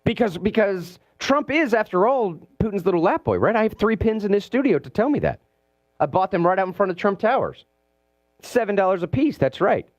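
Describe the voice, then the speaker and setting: A man hosting a political talk radio show from a studio, animated and sarcastic, mimicking the people he talks about. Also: high-pitched, brisk, dry recording. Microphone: studio mic.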